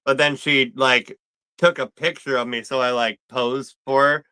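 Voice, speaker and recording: A laid-back male guest who rambles through his story with plenty of fillers. His voice is very bright and crisp, and it sounds dry and close, with no room echo. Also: medium pitch, fairly even intonation, a little slow. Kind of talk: casual chat.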